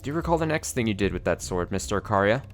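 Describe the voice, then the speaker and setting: A man's voice: lowish voice, animated, fast talker, lightly acted. Man putting on a sly needling prosecutor, theatrical and mocking, faint music under.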